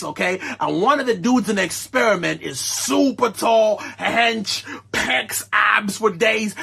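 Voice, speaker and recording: A man giving casual, animated recap commentary on a reality show, full of slang and laughing asides. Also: high voice, gravelly, breathy edge. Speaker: reaction vlogger.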